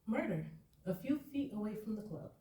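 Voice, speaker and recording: A father on the phone, calm and matter-of-fact as he breaks grim news, as a woman storyteller puts him on. The sound carries the echo of a live room, picked up from some distance with a faint hiss. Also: on the high side, fairly quick. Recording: echoey live room, far from mic.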